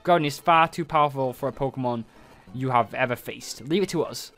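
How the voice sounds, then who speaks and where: A man's voice: mid-range voice, a little fast, fairly bright tone, soft background music, lightly acted. A man reading game dialogue aloud as a stern, commanding psychic creature who leads a team.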